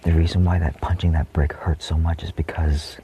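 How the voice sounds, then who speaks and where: A man's voice: a bass voice, level tone, brisk, warm tone, a little hiss or hum. A man giving a rambling spiritual monologue, full of fillers, often dropping into a whisper. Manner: meandering, many fillers, often trails off into whispers. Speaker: spiritual vlogger.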